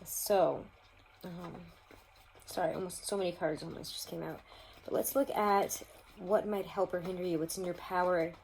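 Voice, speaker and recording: A woman's voice: lowish voice, fairly even intonation, moderate pace, vocal fry, darkish tone, poor audio. A woman giving a casual tarot reading to her viewers, chatty and rambling, laughing often. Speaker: tarot reader.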